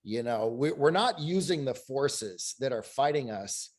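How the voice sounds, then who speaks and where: A man on a webinar panel, telling anecdotes in an animated way over a video call. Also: medium pitch, a little slow. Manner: animated storyteller. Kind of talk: panel discussion.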